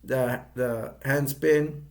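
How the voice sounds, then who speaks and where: A middle-aged man talks through a movie review in a loose, rambling way, with a rough, gravelly edge to his voice. His pitch sits in an ordinary middle range. He stumbles, pauses on fillers and circles back to restart his thoughts as he goes. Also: steady tone, a little mellow.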